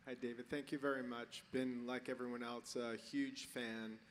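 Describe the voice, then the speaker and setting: A man's voice: medium pitch, level tone, moderate pace. A man asking a question from the audience at a conference, hesitating with many ums and restarts. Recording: hall reverb with faint noise.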